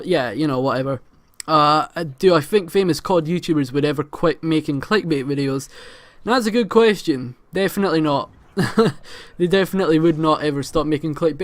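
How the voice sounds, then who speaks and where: A man's voice: fairly high pitch, fairly bright tone. A man with an Edinburgh Scottish accent, telling a rambling, profane, amused story as host of a gaming channel. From Scotland. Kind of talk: casual storytelling vlog.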